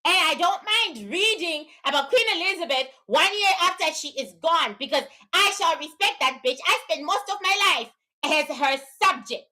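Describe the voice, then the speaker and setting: Woman, very high voice, bright and sharp, fiery scolding livestream rant, profane. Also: expressive, normal speed, low-quality recording. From lives in Canada. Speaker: spiritual reader answering livestream viewers.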